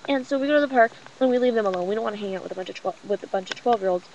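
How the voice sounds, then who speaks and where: A woman's voice: mid-range voice, racing, darkish tone, dull audio. A young woman rambling through a casual gossip vlog at home, mocking and profane, with many fillers. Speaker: vlogger. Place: room at home with a cousin talking nearby. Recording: noisy home webcam recording.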